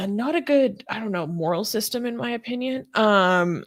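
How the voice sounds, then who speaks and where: A woman's voice: mid-range voice, expressive, unhurried, no room sound, studio quality. A woman co-hosting a casual livestream, chatty and laughing often, with lots of fillers. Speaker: co-host.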